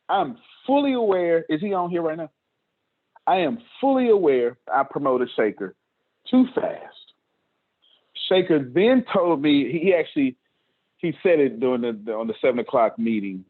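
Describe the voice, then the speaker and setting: A man's voice: a little high, lively intonation, normal speed. A man hosting a motivational talk to his staff on a video call, preachy and repeating his points, often laughing. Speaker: host. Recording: tinny phone-like call audio.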